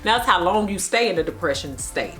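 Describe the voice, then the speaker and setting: A young woman with a St. Louis Midwest accent, chatting casually to camera as a vlogger, animated and laughing often. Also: fairly low pitch, brisk, faint music behind. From Midwest United States.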